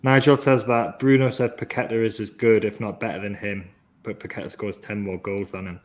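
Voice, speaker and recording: A man with a somewhat low voice hosting a football podcast. He breaks down play in a measured, analytical way. His enthusiasm keeps coming through. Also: flat delivery. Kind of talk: casual football podcast chat.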